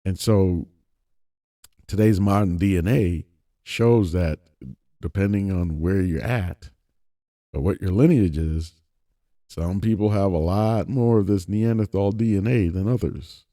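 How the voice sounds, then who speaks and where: A man's voice: deep voice, measured pace, pauses often, mellow, no room sound, studio quality. A man casually reading scripture and commenting on it, digressive and chuckling between points. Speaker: religious commentator.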